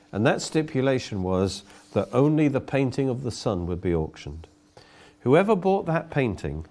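A man's voice: on the low side, warm tone. A man voicing a male auctioneer who speaks with firm, formal insistence.

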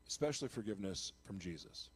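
A man giving an emotional, confessional Christian testimony on live television. He speaks earnestly, with restarts and laughs at himself, and grows loud and impassioned. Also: fairly low pitch, expressive, quick pace, breathy edge. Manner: grows loud and impassioned when retelling his conversion. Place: television studio.

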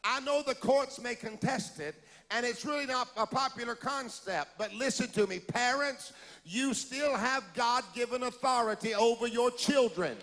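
A preacher with a very high, bright and gravelly voice, delivering an animated sermon. He shouts out to the congregation and calls for a response, and a long hall reverb trails behind him. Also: moderate pace. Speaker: pastor.

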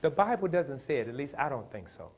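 A man preaching a sermon in plain, folksy speech, building to shouted emphasis and calling on the congregation to respond. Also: medium pitch, sing-song, brisk. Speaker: pastor.

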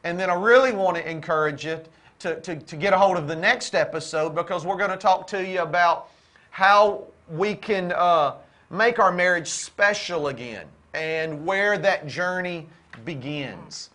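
A man co-hosting a Christian marriage show, talking in an exhorting, preaching style that repeats key phrases and builds toward near-shouts. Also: high-pitched, a little slow.

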